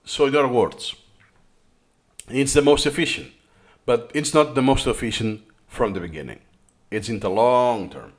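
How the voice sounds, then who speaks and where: A man's voice: mid-range voice, normal speed, long pauses. A man who speaks English as a third language, explaining a study method in a reaction-style lesson with frequent restarts. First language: not English. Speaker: course host.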